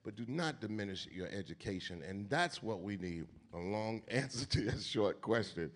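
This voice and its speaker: A man from New York with a New York accent, speaking at an onstage keynote conversation in a lively, preachy way, full of street slang and swearing. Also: lowish voice. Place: event stage before an audience.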